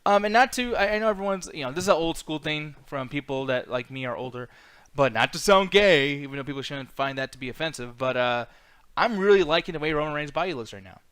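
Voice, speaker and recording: This is a man in his thirties chatting on a live stream, slightly high-pitched and full of fillers and swearing. His voice sits close and dry on the mic, with no room sound at all. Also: lively intonation, fast talker, fairly bright tone, clean tone, dry recording. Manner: loose, profane, rambling with frequent fillers. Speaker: podcast host. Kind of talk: casual live-stream chat.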